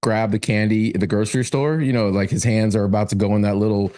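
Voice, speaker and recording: A man's voice: lowish voice, steady tone, fast talker, warm tone. A man co-hosting a sports podcast, chatting casually in a sarcastic, joking way. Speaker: podcast co-host.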